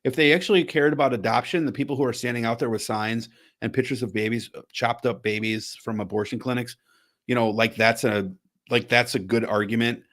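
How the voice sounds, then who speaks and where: A man hosting a podcast in casual chat, rambling and restarting his phrases as he thinks out loud. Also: medium pitch, fairly even intonation, fairly quick. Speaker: podcast host.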